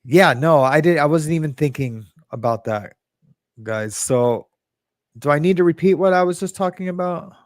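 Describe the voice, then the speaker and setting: A man's voice: on the high side, animated, normal speed, no room sound, studio quality. A man hosting a casual livestream, rambling and correcting himself as he chats with viewers and swearing now and then. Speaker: livestream host.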